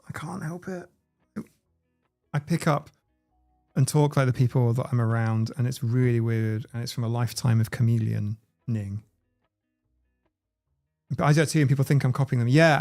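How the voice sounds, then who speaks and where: A man's voice: medium pitch, vocal fry, darkish tone. A man hosting a casual livestream, rambling, swearing freely and reading the chat aloud. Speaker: livestream host.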